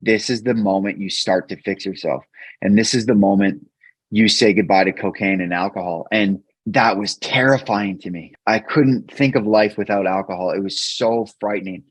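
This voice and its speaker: A man guest on a podcast, earnestly telling a personal story in a halting way, often repeating words when emotional. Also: lowish voice, slightly rough, dry recording. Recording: dull, dry podcast mic.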